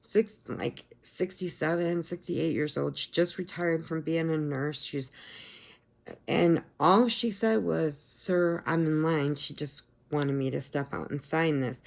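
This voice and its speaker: A middle-aged woman chats through a personal vlog story in a low, gravelly voice. She speaks slowly and unhurriedly, yet gets animated, and her voice jumps up when she acts out what people said. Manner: chatty, animated retelling with acted quotes. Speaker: vlogger.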